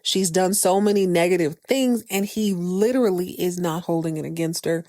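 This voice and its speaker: A woman's voice: on the low side, normal speed, mellow, no echo, studio quality. Slangy, playful woman recapping a TV episode. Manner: playful, slangy, joking asides. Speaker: podcast host.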